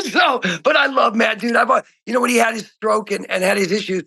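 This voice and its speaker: A middle-aged man from Oregon speaks as an interview guest, his voice pitched very high, bright and husky. He tells stories excitably, jumping from loud outbursts to quiet, hushed stretches. He is heard over a phone call. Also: a little fast. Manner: excitable storyteller, swings from shouting to hushed. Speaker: guest musician. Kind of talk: casual interview chat.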